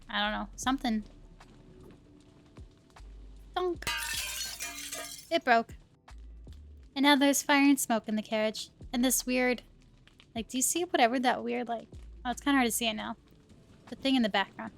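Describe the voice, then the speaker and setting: Chatty high-voiced woman streamer. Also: vocal fry. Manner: chatty, amused, reads game text aloud. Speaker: game streamer. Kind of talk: casual let's-play commentary. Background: faint lo-fi music.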